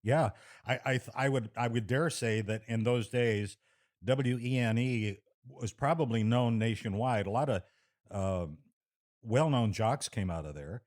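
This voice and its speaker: A man hosting an interview about radio, asking questions in a halting way with stammered restarts. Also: mid-range voice, darkish tone. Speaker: interview host. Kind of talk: casual interview talk.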